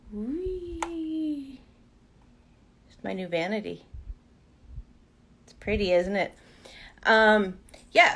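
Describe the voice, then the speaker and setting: A woman chats casually with her livestream viewers from her vanity at home. Her voice sits a little high, and she speaks slowly. She laughs often as she answers questions. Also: fairly bright tone. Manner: chatty, laughs often, coos at her pet. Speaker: livestream host. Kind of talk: casual live Q and A chat.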